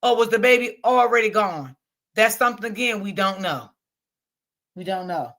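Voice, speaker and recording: A woman with a bright, clear-toned voice hosts a casual livestream. She talks to her chat in a loose, repetitive way, circling back over the same points. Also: mid-range voice, expressive, moderate pace. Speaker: livestream host.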